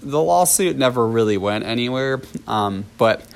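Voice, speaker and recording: A man's voice: mid-range voice, lively intonation, moderate pace, gravelly. A man, a dance teacher, telling a personal story in a chatty vlog, with laughs, ums and restarts.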